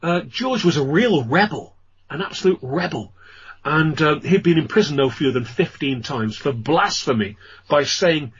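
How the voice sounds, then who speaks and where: Husky-voiced English storyteller on radio. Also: male voice, on the high side, expressive, moderate pace. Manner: rambling anecdotal storytelling with many fillers. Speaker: ghost tour guide and storyteller. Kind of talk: radio interview guest. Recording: dull lo-fi radio audio.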